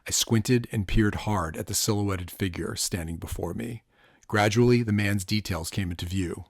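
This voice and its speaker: A man narrating a first-person noir audiobook in a measured way, sometimes dropping to a hush. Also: on the low side, creaky, dry recording, clean studio sound.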